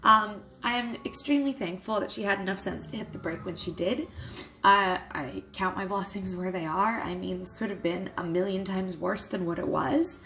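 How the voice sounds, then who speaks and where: A young adult woman telling a personal story to camera in a vlog, candid and quick to swear, with nervous little laughs. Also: medium pitch, fairly bright tone, low-quality recording. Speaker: vlogger.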